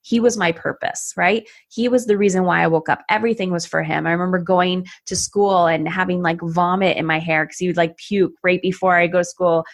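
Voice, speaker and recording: Animated woman telling her story. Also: on the low side, a little fast, few pauses. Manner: animated, acts out her past self and others in quoted asides. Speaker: podcast guest. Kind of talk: personal storytelling in a conversation.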